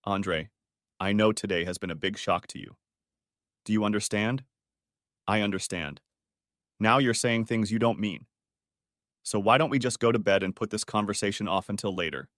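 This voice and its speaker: A man's voice: fairly low pitch, normal speed, long pauses, fairly bright tone, dry recording, clean studio sound, lightly acted. A man voicing a defiant, scornful young wife who talks in a sarcastic, patronizing way.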